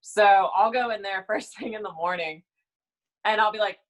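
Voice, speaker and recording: A young woman chatting casually as a podcast guest, telling lively work stories and acting out coworkers with loud outbursts. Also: medium pitch, normal speed, low-quality recording. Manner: animated storyteller, acts out coworkers with loud quoted outbursts.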